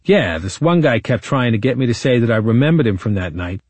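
A man's voice: mid-range voice, sing-song, fairly quick, a little mellow, husky, no echo. A man voicing a defiant male witness on the stand who answers bluntly and swears with exasperation, as a quote within audiobook narration. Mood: flat.

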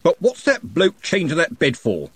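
A man doing a huge touchy bruiser, loud and indignant, voice pitched up high and jumping around, dry close sound. He barks blunt, suspicious questions at everyone. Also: huge pitch swings, normal speed, slightly rough, no room sound, full character voice. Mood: blustering.

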